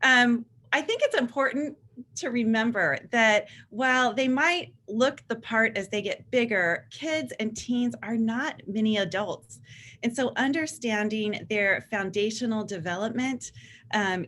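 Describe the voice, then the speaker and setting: A woman's voice: a little high, measured pace, slight background noise. A woman in her forties, a therapist, giving an enthusiastic presentation to parents and now and then acting out what kids say. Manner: warm, enthusiastic, acts out teen voices in quotes. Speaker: therapist and author giving a talk.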